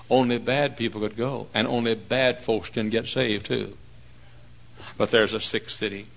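Gravelly, bright-voiced preacher man, animated. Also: lowish voice, unhurried, low-quality recording. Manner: animated, bursts into shouts and acted voices. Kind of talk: sermon. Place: church.

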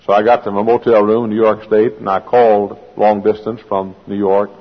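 A husky-voiced male preacher delivering a sermon, shifting from homespun anecdotes to fervent, rising proclamation. The sound is dull and lo-fi, with a long reverb trailing off the walls of a large hall. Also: fairly low pitch, flat delivery, a little fast. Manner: folksy storytelling building to fervent preaching. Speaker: pastor.

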